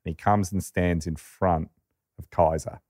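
Deep-voiced storyteller. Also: male voice, measured pace, no echo, clean studio sound. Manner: lively storyteller, quotes characters. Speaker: podcast co-host. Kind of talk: storytelling chat.

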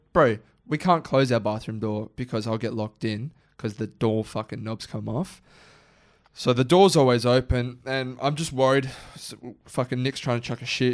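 Young man, Australian accent, podcast co-host, animated, swears freely, mid-range voice. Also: medium pitch. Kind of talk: casual chat.

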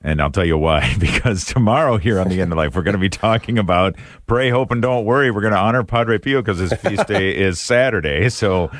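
A man's voice: lowish voice, fairly quick, few pauses, dry recording. A man hosting a radio talk show, upbeat and announcer-like as he takes calls. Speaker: radio host.

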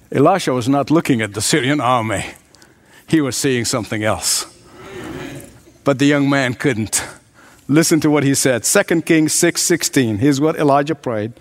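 A man's voice: medium pitch, normal speed. A man preaching a sermon in an earnest, emphatic way, often speaking straight to his listeners.

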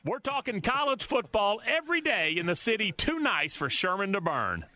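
High-pitched man reading radio promos. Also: very animated, moderate pace, pushed and bright. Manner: punchy promo delivery. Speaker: sports radio host.

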